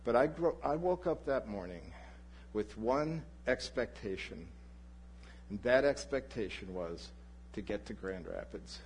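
A male pastor preaching a sermon, telling a personal story in an animated way and acting out the people in it. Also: on the low side, measured pace, slight background noise. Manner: animated anecdote, voices the people in his story.

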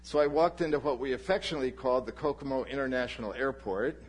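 A male pastor preaching a sermon, telling a personal story in an animated way and acting out the people in it. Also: medium pitch, fast. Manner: animated anecdote, voices the people in his story.

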